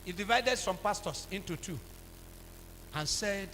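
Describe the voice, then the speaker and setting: A Nigerian man preaching a sermon, calling out for the congregation to answer and swinging from low talk to shouts. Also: measured pace, long pauses. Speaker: pastor. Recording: reverberant hall with faint hum.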